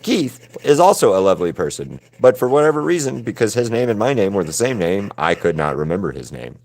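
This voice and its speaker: A man with a deep, low voice chats loosely with his viewers during a live painting stream. He rambles, stays laid-back, and swears freely as he goes. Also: big pitch swings, fairly quick, a little mellow. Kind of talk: casual livestream chat with viewers.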